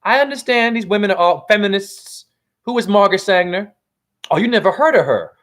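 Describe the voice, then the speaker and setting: A man holding forth on a livestream as a self-styled spiritual teacher, profane and rambling. His voice sits high for a man and leaps around with lively swings of pitch. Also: brisk. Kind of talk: livestream rant.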